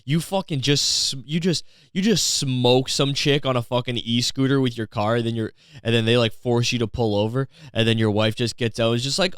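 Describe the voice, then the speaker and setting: A man's voice: mid-range voice, steady tone, brisk, hardly any pauses, a bit bright, smooth, no room sound, studio quality. A young man hosting a comedy podcast, ranting in a profane, sarcastic way and slipping into mocking voices. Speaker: podcast host.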